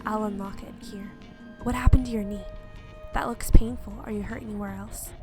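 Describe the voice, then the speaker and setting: A woman voicing a possessive, menacing young man, reading a game character's lines aloud in a cold, quiet, controlling way. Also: mid-range voice, steady tone, brisk, over loud music, pitched below the performer's own voice, lightly acted.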